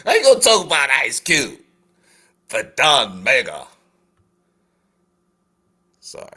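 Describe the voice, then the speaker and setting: A man's voice: mid-range voice, huge pitch swings, slow, sharp tone, slightly rough. A man hosting a live stream at home, giving casual reaction commentary with rambling, apologetic asides and laughter.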